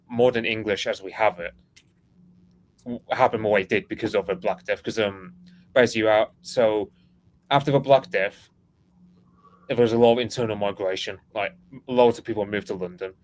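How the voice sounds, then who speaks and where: Livestream co-host, male, low, faint background noise, rambling and filler-heavy. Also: low-quality recording. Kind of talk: casual live-stream chat.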